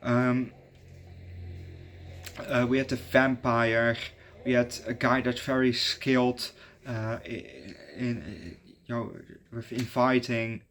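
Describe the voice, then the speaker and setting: A man talks through a film review in a loose, offhand way, trailing off and restarting his sentences often. His voice sits at an ordinary middle pitch, and the tone stays conversational throughout. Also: steady tone, slow, a bit bright, slight background noise. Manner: rambling, many fillers and restarts. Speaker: movie reviewer. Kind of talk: casual movie review.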